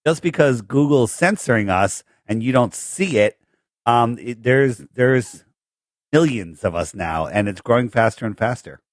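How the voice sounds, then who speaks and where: A man's voice: mid-range voice, animated, measured pace, no echo, clean studio sound. A man who is a guest on a podcast, talking in a blunt, confident way. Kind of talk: casual chat.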